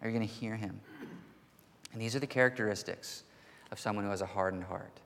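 Pastor guy preaching, earnest, gets loud and pushy at the peaks, big echoey church hall. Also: fairly low pitch, fairly quick, gravelly. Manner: earnest preaching, building to forceful emphasis. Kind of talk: sermon. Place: church sanctuary. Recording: long hall reverb.

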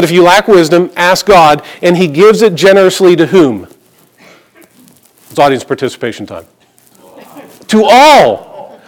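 Man preaching a sermon, somewhat high voice. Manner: conversational preaching with personal stories and humor. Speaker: pastor.

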